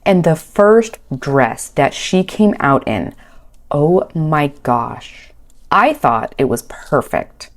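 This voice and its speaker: A woman's voice: deep voice, very animated, takes it slowly. A woman casually recapping a reality show, chatty and wry, with a home mic. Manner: chatty, wry, quotes people in bouncy voices. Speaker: recap commentator. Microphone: home recording mic.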